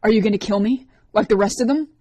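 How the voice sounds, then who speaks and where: A woman voicing a frightened, furious teenage girl in an audiobook, accusing and shrill. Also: quick pace, dark tone, no room sound, natural voice.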